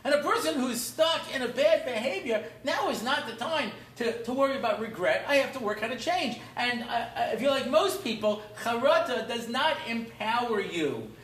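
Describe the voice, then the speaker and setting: A man's voice: very high voice, animated, moderate pace, hardly any pauses, a bit bright. A middle-aged man teaching a class as a rabbi, in a humorous, rambling lecture style that mixes in Hebrew terms. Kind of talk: informal Torah lecture. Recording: roomy echo, faint room noise.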